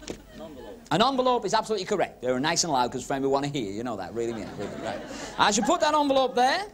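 A man doing comic magic patter on a club stage, teasing audience volunteers with quick cheeky asides. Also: on the high side, huge pitch swings, fairly bright tone. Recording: 1970s TV broadcast with crowd laughter and hiss. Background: audience laughing and murmuring.

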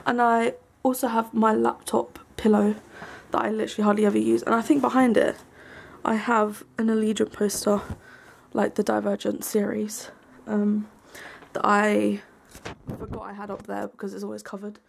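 A young woman giving a casual, rambling tour of her small bedroom, full of ums and likes, sometimes hushed. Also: medium pitch, flat delivery, moderate pace, vocal fry, husky. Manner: hushed at times so as not to wake her brother. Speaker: vlogger. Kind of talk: casual room tour vlog.

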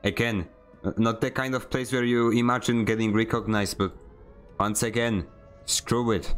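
A man with a lowish voice chats while he plays a game on stream. He rambles, pokes fun at himself and keeps stumbling into restarts mid-sentence. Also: fairly even intonation, normal speed. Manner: joking, self-mocking. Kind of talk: casual chat while gaming.

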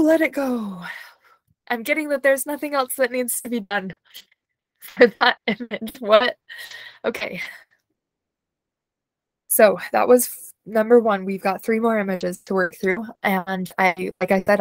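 A woman leading an unscripted guided imagery session, speaking slowly and soothingly, with soft laughs and sighs. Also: mid-range voice, dry recording, rough recording. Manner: slow, soothing guidance with soft laughs and yawns.

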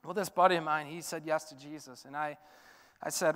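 Guy preaching a sermon, smooth resonant voice, gets loud then goes real quiet. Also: on the high side, steady tone, brisk, in a large hall. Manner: dynamic, swinging from loud urging to soft hush. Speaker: pastor. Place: church sanctuary.

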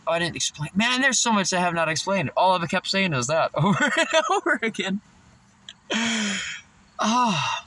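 A man's voice: sits high, big pitch swings, normal speed, pushed and bright. Stoned, giggly man rambling. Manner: loopy, laughing often, rambling. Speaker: vlogger. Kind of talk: rambling casual monologue.

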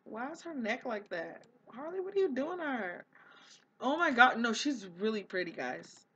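A bright, higher-pitched woman narrates her game in an excitable, gushing rush, breaking into little quoted voices for her characters. The sound is a touch dull, with faint noise underneath. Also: moderate pace. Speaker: let's play host. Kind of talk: casual gameplay commentary.

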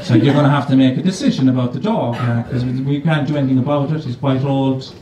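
A man's voice: mid-range voice, fast talker. A man telling a comic story on stage in a casual, swearing, conversational way. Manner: swearing, conversational, animated storytelling with a live audience laughing. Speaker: stand-up comedian. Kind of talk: stand-up storytelling. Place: stage in a comedy venue, before an audience. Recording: echoey live venue, voice from far off, audible audience noise.

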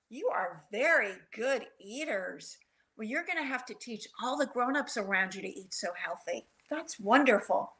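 A woman author reading a picture book aloud to children at storytime, animated and stopping often to ask them questions. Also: on the high side, moderate pace.

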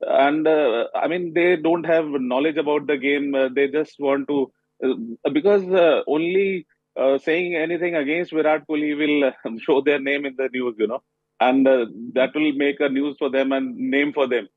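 A man being interviewed live on a TV panel as a cricket coach, speaking haltingly with many pauses. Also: a little high, husky, no room sound. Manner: halting, pausing often with fillers. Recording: tinny phone line.

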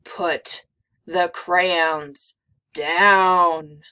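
A woman's voice: on the low side, slow, creaky, full character voice. A woman voicing a hulking, grumpy male monster who growls and barks orders. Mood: thundering. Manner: growling, thundering commands.

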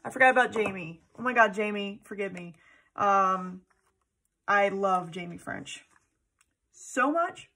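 A woman's voice: mid-range voice, expressive, unhurried, long pauses, sharp tone. A woman vlogger in casual chat, gushing and rambling with many fillers and tangents. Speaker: planner vlogger.

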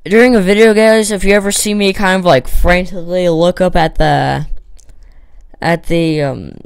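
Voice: medium pitch, fairly even intonation, normal speed, gravelly, smooth, no room sound. A gamer giving casual, rambling commentary while building in a block game, with lots of fillers and self-talk. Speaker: Minecraft let's player.

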